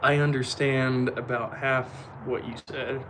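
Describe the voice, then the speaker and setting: An easygoing man chats through a live stream, answering viewer comments and apologizing with a laugh. His voice sits at an ordinary middle pitch. Clear background noise runs under it. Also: little pitch movement, a little slow. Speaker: livestream host. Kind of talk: casual live-stream chat reading comments.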